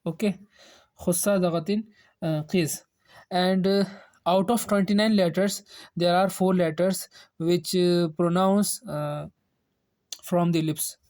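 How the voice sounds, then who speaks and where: A woman teaching Quran reading in a recorded lesson, hesitant, pausing with frequent "uh" and repeating each term. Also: on the low side, fairly even intonation, mellow. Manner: slow, halting, with frequent "uh" and repeated terms. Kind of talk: recorded lesson explaining Arabic letters.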